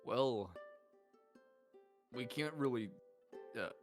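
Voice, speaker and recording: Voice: very slow, faint music behind. A tabletop role-play player speaking in character as a traveling parent, hesitant with many restarts. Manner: hesitant, restarts, very lively pitch.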